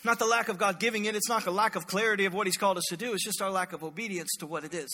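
Male pastor, high and very bright, playful animated sermon, long hall reverb. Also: very fast. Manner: animated, joking, voices characters in quotes. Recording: echoey hall.

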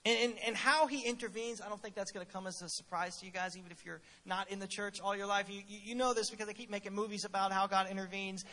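A man preaching a sermon, telling stories in an animated, humorous way and often repeating words at the start of his phrases. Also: sits high, quick pace, hardly any pauses. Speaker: pastor.

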